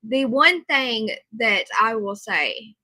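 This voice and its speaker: A woman's voice: on the high side, animated, slow, sharp tone, poor audio. A tired woman hosting a casual livestream, chatting and answering viewers' comments. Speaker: livestream host.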